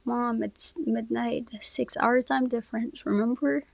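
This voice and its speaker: A woman voicing a friendly teenage girl who turns brisk and exasperated with her mother, in a storybook reading. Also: a little high, steady tone, vocal fry, darkish tone, no echo.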